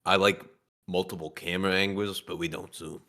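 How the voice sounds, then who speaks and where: A man's voice: deep voice, little pitch movement, fairly quick, bright, forceful tone. A man chatting casually as a show guest, making dry, wry asides. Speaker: guest comedian. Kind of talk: casual chat.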